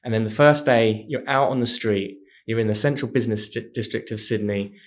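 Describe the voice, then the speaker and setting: A man, a podcast guest telling stories in a casual, animated way. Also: fairly low pitch, brisk. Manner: animated, acts out voices in anecdotes. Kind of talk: casual storytelling chat.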